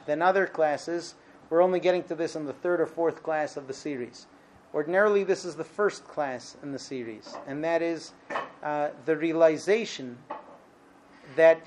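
A man's voice: fairly high pitch, darkish tone, slight background noise. A man teaching a class on marriage, lecturing emphatically and asking rhetorical questions.

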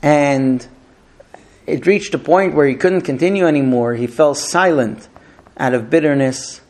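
A man teaching a history lesson, retelling the story with frequent filler pauses. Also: a little high, darkish tone.

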